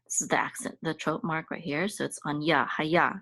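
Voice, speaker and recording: A woman with a notably low voice teaches a casual reading lesson, going slowly and repeating each syllable. She talks with frequent fillers and corrects herself as she goes. The recording is dry, with no room sound. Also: steady tone, fairly bright tone, no echo. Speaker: Hebrew teacher.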